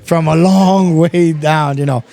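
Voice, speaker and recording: A man from Texas, a podcast guest, telling stories in a casual, animated way, swearing often and calling everyone bro. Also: on the high side, measured pace, creaky. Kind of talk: casual chat.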